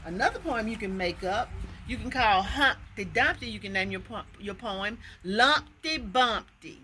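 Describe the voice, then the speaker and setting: A woman's voice: mid-range voice, expressive, normal speed, bright, forceful tone, slight background noise. A woman teaching parents how to work on reading with a nursery rhyme, sounding out words and checking in with "okay.".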